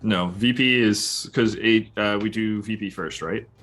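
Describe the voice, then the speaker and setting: A man's voice: on the low side, unhurried, a bit bright. A man playing a tabletop game, unsure of himself and correcting himself as he talks. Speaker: player. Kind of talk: casual tabletop game play.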